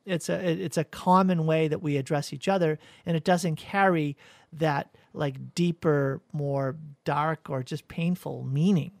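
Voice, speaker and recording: Measured fatherly man. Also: on the high side, fairly even intonation, vocal fry, dry recording. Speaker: podcast co-host, father. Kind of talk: casual conversation on parenting.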